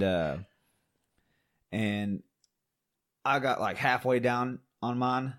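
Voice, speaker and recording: A man co-hosting a podcast in casual chat, blunt, profane and rambling. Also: fairly low pitch. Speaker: podcast co-host.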